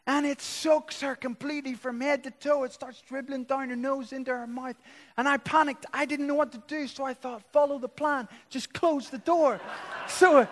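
A man's voice: extremely high pitch, a bit bright, big-room sound. A man preaching a sermon, telling stories animatedly and building to emphatic lists. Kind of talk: sermon with storytelling.

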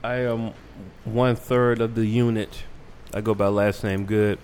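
A man's voice: lowish voice, flat delivery, unhurried, darkish tone, a little hiss or hum. A man co-hosting a casual podcast, joking in a laid-back way and a little tired from a day on the road. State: tired from travel. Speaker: podcast co-host. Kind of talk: casual chat.

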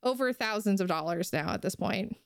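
A young woman vents on a casual podcast, heated and quick to swear. Her voice is smooth and clear. It sits close and dry, with no room sound. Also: medium pitch, animated, dry recording. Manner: heated, ranting, swears freely. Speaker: podcast co-host.

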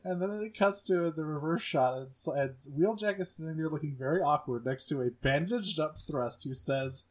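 A man's voice: on the high side, normal speed, hardly any pauses. A man co-hosting a podcast, recapping a cartoon in a loose, profane, joking way. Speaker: podcast co-host. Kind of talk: casual chat.

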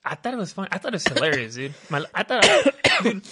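A man's voice: sits high, sing-song, fast talker, sharp tone, husky. A young man telling a long story in casual chat, rambling and profane, with lots of "dude" and "hella". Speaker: podcast co-host telling a story.

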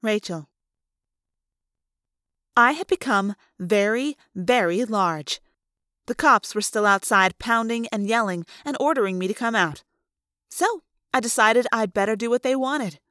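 A woman's voice: on the high side, expressive, a little slow, bright, forceful tone, dry recording, clean studio sound. A woman reading a first-person novel aloud, dramatic and voicing the sound effects herself. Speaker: audiobook reader.

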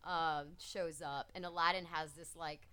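A woman who wrote the script, chatting in a relaxed, chuckling way over a video call. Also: low voice, unhurried, slight background noise. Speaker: script writer. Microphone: remote call mic.

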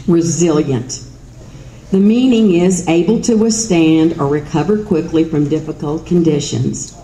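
Folksy Southern woman with a mellow voice. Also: low voice, gravelly, a little hiss or hum. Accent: Southern US, Kentucky. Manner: folksy, self-mocking, chatty. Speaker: speaker at an event. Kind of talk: storytelling speech. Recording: roomy hall sound with faint ambience.

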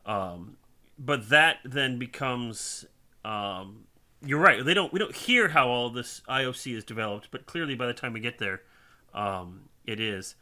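A man's voice: mid-range voice, expressive, bright, forceful tone. A man co-hosting a podcast, chatting casually about a TV series in a thoughtful way with many ums. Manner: thoughtful, with many ums and some quick bursts. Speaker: podcast co-host.

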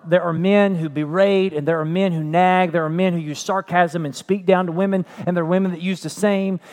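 A man's voice: high-pitched, darkish tone. A man preaching a sermon as pastor, earnest, repeating phrases and building to emphatic peaks.

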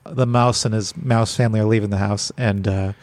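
A man's voice: lowish voice, fairly even intonation, fairly quick, a little mellow. A man co-hosting a casual podcast chat, laughing often and stumbling through descriptions of comic strips. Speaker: podcast co-host.

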